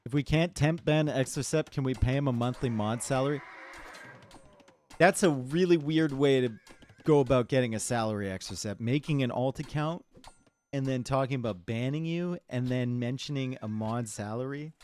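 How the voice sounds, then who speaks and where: Man, tournament caster, casual game commentary, relaxed, joking with chat, mid-pitched voice. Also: moderate pace. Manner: laid-back, chatty, teasing the live chat. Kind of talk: live esports commentary mixed with chat banter.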